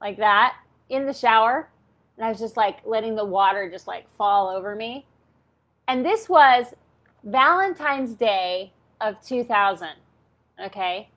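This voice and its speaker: A woman's voice: fairly high pitch, expressive, a little slow, a bit bright. A woman in her fifties telling a personal story in a candid, chatty way, full of "like" and "okay?". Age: 50s. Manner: chatty, peppers talk with "like" and "okay?". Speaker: channel host.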